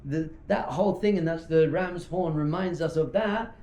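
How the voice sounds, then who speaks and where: A man, a rabbi, gives an informal, animated teaching talk and acts out little dialogues as he goes. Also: fairly high pitch, moderate pace. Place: talk hall at a yeshiva. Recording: echoey room.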